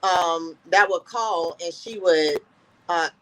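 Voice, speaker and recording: As an interview guest, a woman earnestly tells a personal story, often saying "I said" as she recounts conversations. Her voice is fairly low and a bit bright, and she speaks slowly. The recording quality is low.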